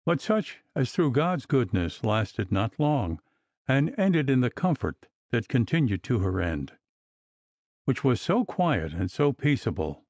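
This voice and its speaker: A man reading the lines of a gentle, grieving old rector who speaks tenderly and rambles on in a storybook. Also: medium pitch, sing-song, measured pace, dry recording.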